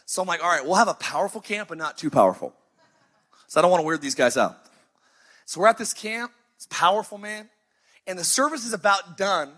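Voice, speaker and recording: High, bright-voiced male pastor preaching. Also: lively intonation. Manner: emphatic, storytelling with sighs and dramatic pauses. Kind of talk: sermon. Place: church sanctuary, live. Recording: faint music behind.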